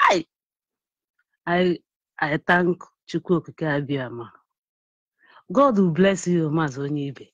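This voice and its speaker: A woman's voice: low-pitched, slow pace, pauses often, dry recording, highs cut off. A woman from Nigeria with a Nigerian accent, phoning in to a talk show and speaking in an emotional, indignant, ranting way. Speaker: caller. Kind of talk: phone-in call. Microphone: phone call.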